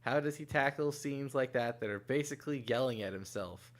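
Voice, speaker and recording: A man's voice: mid-range voice, fairly quick. A man hosting a stream, reading out viewer questions in an easygoing way with filler words. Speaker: stream host.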